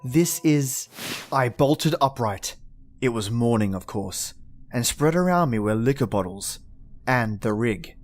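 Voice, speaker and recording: A man's voice: mid-range voice, animated, unhurried, soft background music. A man narrating a first-person horror story in a somber, emotional manner.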